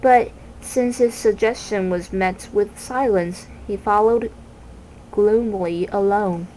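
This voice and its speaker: A woman reading a children's novel aloud in a slow, measured way, with small restarts. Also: mid-range voice, dark tone, a little hiss or hum, low-quality recording. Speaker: reader.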